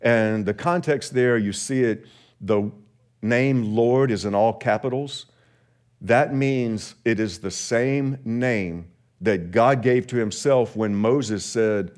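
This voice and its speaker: A man preaching a Sunday sermon in church, rising and slowing for emphasis on scripture. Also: medium pitch, a little mellow. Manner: rises and slows for emphasis when quoting scripture. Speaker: pastor. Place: church sanctuary.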